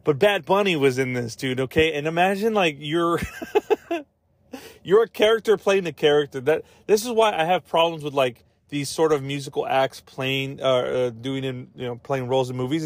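A man's voice: on the high side, dry recording. A man hosting a podcast who chats casually about movies, rambling and swearing with lots of fillers. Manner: rambling, profane, full of fillers and asides. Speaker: podcast host. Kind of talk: casual movie-review chat.

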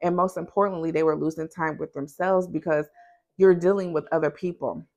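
A woman's voice: deep voice, fairly even intonation, a little fast, a little mellow. A woman who runs a small business and hosts a podcast, talking frankly and conversationally, straight to her listeners. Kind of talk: candid motivational talk.

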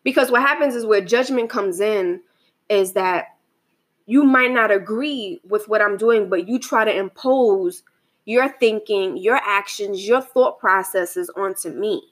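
A woman's voice: medium pitch, a little slow. Young woman just talking, chill and reflective, lots of "like" and restarts, kinda meanders. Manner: rambling, many restarts and fillers, asks "right?". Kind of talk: casual reflective monologue.

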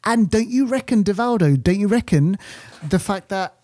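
Podcast co-host, man, mellow tone, rambling casual review talk. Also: sits high, expressive, normal speed, no room sound. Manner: rambling, full of fillers and restarts. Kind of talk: casual film review chat.

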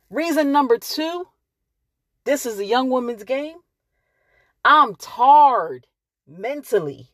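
Slow, emphatic woman in her late thirties. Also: mid-range voice, no room sound, clean studio sound. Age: late 30s. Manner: emphatic and wry, drawn-out stresses, pausing for effect. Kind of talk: candid monologue to camera.

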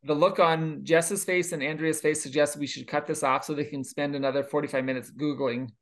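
A man's voice: fairly high pitch, little pitch movement, a little fast, a bit bright. Man, podcast co-host, joking, casual chat. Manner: joking, wisecracking.

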